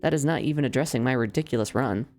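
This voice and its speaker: A woman's voice: very deep voice, quick pace, darkish tone. A woman reading the inner monologue of a sardonic young villainess in a game, dry and wry with formal phrasing.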